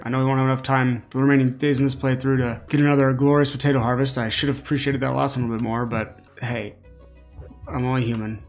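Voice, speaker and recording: A man's voice: mid-range voice, fairly even intonation, fast talker, soft background music. A man hosting a gameplay video with casual commentary and playful, jokey asides. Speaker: gaming video host.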